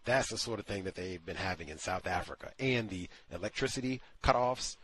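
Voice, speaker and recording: Husky low-voiced man hosting a talk show. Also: brisk, a bit bright, no echo. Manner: emphatic, incredulous, acts out quotes. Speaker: call-in show host. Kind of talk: opinionated radio monologue.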